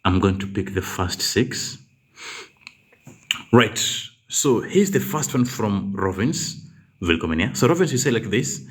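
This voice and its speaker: A man's voice: low voice, animated, normal speed. A man tutoring a live German grammar class, patiently reading out students' example sentences and correcting them.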